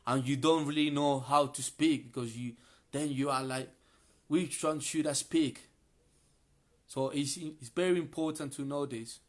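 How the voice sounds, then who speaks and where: A man who is a guest in a live online English class, chatting in a friendly, relaxed way and explaining things plainly. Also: medium pitch, normal speed. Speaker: guest sharing travel tips.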